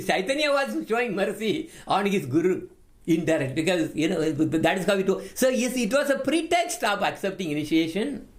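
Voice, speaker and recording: A man giving a devotional class lecture, emphatic and given to repeating his words. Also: high voice. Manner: animated, emphatic, repeats words while teaching. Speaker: spiritual teacher.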